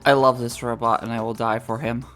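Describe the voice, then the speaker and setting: A woman hosting a let's play, giving casual, profane, excitable commentary and mimicking characters. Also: a bass voice, a little fast, faint music behind.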